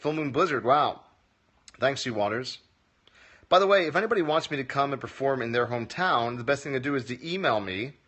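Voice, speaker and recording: A man's voice: mid-range voice, a bit bright. A man running a casual livestream Q&A as a comedy teacher, reading viewers' comments aloud and answering them with dry jokes. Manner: wry, joking, reads comments aloud and answers. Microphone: phone livestream.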